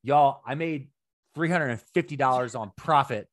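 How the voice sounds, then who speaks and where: A middle-aged man co-hosting a podcast, telling profane stories in a casual chat that climbs to near-shouts. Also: medium pitch, normal speed. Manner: animated, profane storytelling, rising to near-shouts. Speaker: podcast co-host.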